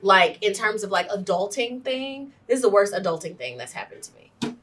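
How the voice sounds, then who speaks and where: A lively woman is co-hosting a casual podcast. Her voice is bright and ringing, and she sits a little back from the mic. She acts out every character in her stories with big comic reactions. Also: mid-range voice, moderate pace, distant mic, slight background noise. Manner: animated storyteller, acts out quotes, shrieks for comic effect. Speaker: podcast co-host. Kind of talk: casual chat.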